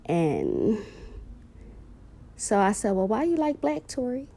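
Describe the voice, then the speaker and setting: A woman's voice: mid-range voice, wildly swooping pitch, takes it slowly, creaky, dark tone. A woman, heartfelt and emotional, telling viewers a personal story about her daughter and calling them "y'all".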